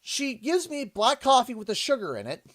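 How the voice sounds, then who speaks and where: A man with a Canadian accent, hosting a livestream and telling a casual story in an animated, exasperated way. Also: extremely high pitch, moderate pace, no echo, studio quality. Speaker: livestream host. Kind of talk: casual storytelling while streaming.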